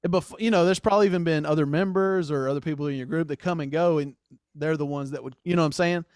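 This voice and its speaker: A man with a slightly high voice, chatting casually on a podcast. He thinks out loud in a reflective, rambling way. The sound is dry, with no room echo. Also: fast, smooth. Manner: reflective, rambling, many "you know what I mean".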